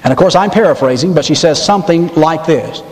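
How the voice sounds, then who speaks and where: A male pastor delivers a sermon, stressing points by repeating words and pressing hard on them. His voice sits high for a man. It rings through a sanctuary with a long, trailing reverb. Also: fairly quick, a little mellow.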